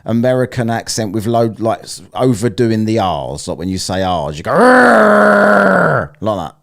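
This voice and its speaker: A man's voice: on the low side, fairly quick, a little mellow. Rambling man, swearing freely. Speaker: live-streamer host. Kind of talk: casual chat.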